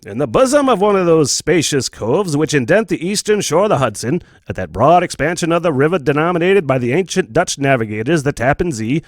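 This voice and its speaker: Brief: old-timey male storybook narrator, put on by a podcaster, stately and enunciated, lively pitch, dry sound. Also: no echo. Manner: measured, enunciated old-fashioned delivery. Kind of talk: dramatic reading aloud.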